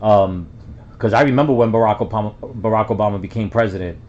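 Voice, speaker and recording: Rambling man from the Bronx, low voice. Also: fast talker, a little mellow. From the Bronx, New York. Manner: rambling, with many fillers and restarts. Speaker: reaction video host. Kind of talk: casual reaction commentary. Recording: dull lo-fi sound.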